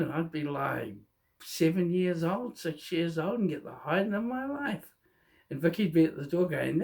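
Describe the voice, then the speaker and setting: A middle-aged man telling his own life story in a candid, halting way, often restarting his sentences. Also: a little high, lively intonation, vocal fry. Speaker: vlogger. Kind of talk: personal storytelling monologue.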